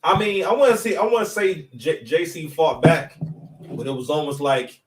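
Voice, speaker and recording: Far from the mic in an echoey room with slight background noise, a man speaks at a normal speed in a fairly high voice. He's at home, his son nearby, rambling and joking about battle rap with many stop-and-start repeats.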